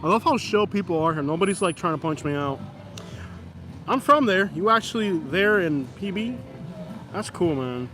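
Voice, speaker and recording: A man's voice: sits high, fairly bright tone. A man live-streaming outdoors on a busy street, joking with chat and mock-scolding passing drivers. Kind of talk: live-stream vlog, commenting on passers-by.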